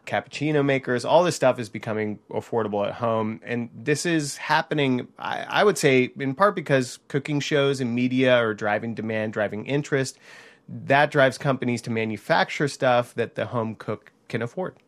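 A man, a technology reporter, chatting on air in a small kitchen and explaining things in a relaxed, easygoing way. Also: medium pitch, moderate pace. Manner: chatty, explanatory, laughs easily. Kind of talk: casual on-air chat.

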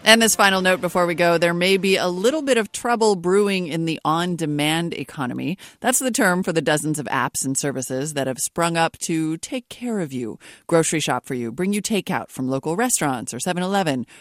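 A man presenting a broadcast news segment in a crisp, wrap-up manner. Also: a little high, brisk, few pauses, a bit bright, no room sound, clean studio sound.

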